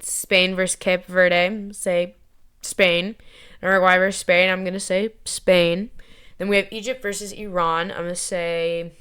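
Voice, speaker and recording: A woman's voice: lowish voice, level tone, normal speed, fairly bright tone, clean tone. A young woman from the United States talks to her viewers in a loose, chatty vlog. She is playful and self-mocking, rambling along at an easy pace and often laughing at herself. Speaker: vlogger. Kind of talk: casual chat.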